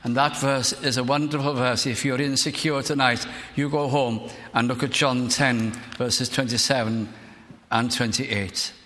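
Older Welsh preacher, bright carrying tone, earnest, lingers on key words, long church-hall reverb. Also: male voice, mid-range voice, steady tone, a little slow. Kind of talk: sermon with personal story.

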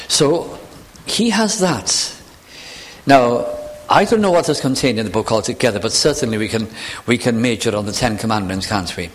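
Male preacher, earnest, lively intonation, lingers on scripture. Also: mid-range voice. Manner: earnest, reads scripture slowly with emphasis. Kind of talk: sermon.

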